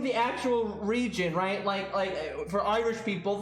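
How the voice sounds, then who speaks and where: A high-voiced man rants casually on a live stream, exasperated and cursing freely. His voice sits in a roomy, echoing space. Faint music plays underneath. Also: fairly quick, hardly any pauses. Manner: exasperated, ranting, swears freely.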